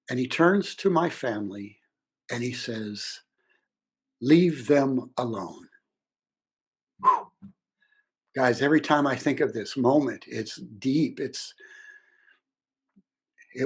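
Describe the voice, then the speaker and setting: A middle-aged man, telling a personal story in an earnest, reflective way with pauses and restarts. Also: medium pitch, breathy edge. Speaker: ministry speaker.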